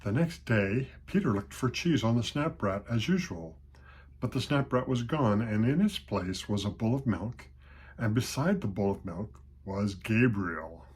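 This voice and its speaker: An older grandfather reading a children's storybook aloud, his voice husky and fairly low. He reads steadily and unhurriedly, correcting the odd slip as he goes. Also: animated, unhurried, a little mellow.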